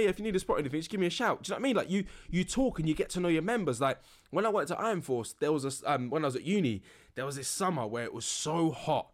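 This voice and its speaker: A young man hosting a relaxed solo podcast, rambling with lots of fillers and laughing now and then. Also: a little high. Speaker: podcast host.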